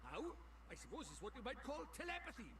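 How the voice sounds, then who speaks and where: A man's voice: wildly swooping pitch, fast talker, recorded from a distance, noisy background, exaggerated voice. A man voicing a cheeky, bossy little male fairy, reading game dialogue aloud. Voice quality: very high, bouncy singsong delivery.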